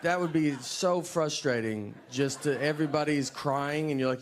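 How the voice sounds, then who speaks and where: A comedian telling stand-up stories in a slow, deadpan drawl. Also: male voice, on the high side. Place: live venue with audience. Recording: live audience noise.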